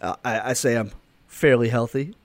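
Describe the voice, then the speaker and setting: A man's voice: medium pitch, normal speed, crowd noise. A man co-hosting a casual sports podcast, joking and stammering on restarts. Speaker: podcast co-host.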